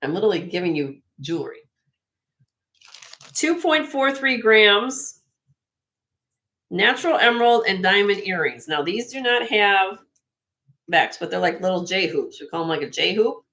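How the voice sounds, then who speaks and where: A woman hosting a live online jewelry sale, chatting excitedly and loudly as she shows each piece. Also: medium pitch, normal speed, long pauses. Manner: excitable, loud, chatty sales patter.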